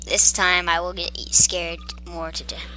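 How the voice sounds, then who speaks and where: A woman's voice: fairly low pitch, level tone, a little slow, a little hiss or hum. A woman giving casual gameplay commentary, talking playfully to the creatures on screen. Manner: talks to game creatures in a hushed, playful way.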